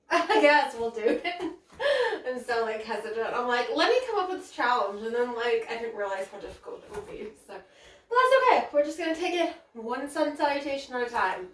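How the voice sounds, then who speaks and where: A woman leading a casual yoga session, out of breath, sighing between chatty remarks. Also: sits high. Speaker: yoga instructor. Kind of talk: casual yoga class talk. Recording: echoey room, mic at a distance, soft music.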